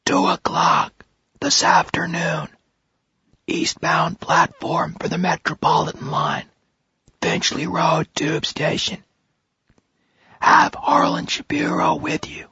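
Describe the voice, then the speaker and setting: A narrator voicing a menacing male kidnapper with a distorted, whispery mechanical voice, talking slowly and coldly over a speakerphone. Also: fairly high pitch, big pitch swings, gravelly, bright, forceful tone, slightly rough, no echo, dull audio, voice pushed up, full character voice. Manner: slow, cold, threatening.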